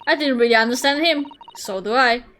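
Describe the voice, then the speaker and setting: A woman's voice: a little fast, sharp tone, a little hiss or hum. A woman voicing a polite, earnest young lawyer. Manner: polite, earnest, low-key.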